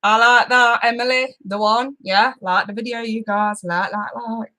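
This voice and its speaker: A woman's voice: a little high, steady tone, normal speed, pushed and bright. A woman hosting a live tarot stream, chatting casually and giggling as she greets viewers by name.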